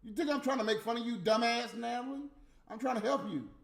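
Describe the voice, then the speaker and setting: A man delivering a heated, profane, scolding rant on a livestream, with loud bursts. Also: extremely high pitch, fast talker, creaky, slight background noise. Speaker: livestream host. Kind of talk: unscripted ranting monologue. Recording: echoey room with faint music.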